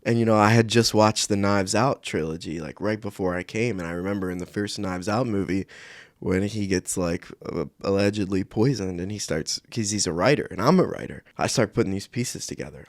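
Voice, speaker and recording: Male vlogger, low voice, rambling casual storyteller, dry close recording. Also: no room sound. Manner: rambling, conversational, many fillers. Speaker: channel host.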